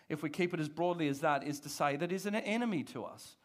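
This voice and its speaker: High-voiced man preaching animatedly. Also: fairly quick. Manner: animated, conversational preaching with laughs. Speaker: pastor. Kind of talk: sermon. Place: church service.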